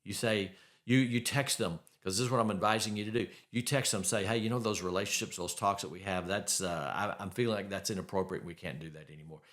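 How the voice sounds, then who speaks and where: A middle-aged man hosts a faith-based advice podcast, speaking fast in a low voice with a fairly bright tone. He's blunt and emphatic, repeating his key phrases.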